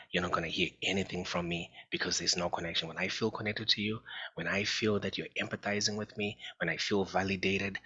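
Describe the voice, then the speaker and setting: A man with a low voice that still sounds strikingly bright and forceful gives an informal parenting talk. His tone is husky, and he speaks earnestly, often repeating himself. The recording is dull and lo-fi. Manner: earnest, repetitive, addresses listeners as folks. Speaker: psychologist giving a parenting talk. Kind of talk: informal presentation.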